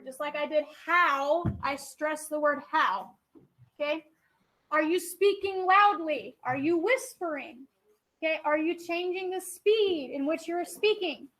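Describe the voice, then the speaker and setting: A woman's voice: high voice, fairly bright tone, rough recording. A woman teacher giving a classroom lecture. She explains step by step, checks in often with "okay?" and is firm with chatty students.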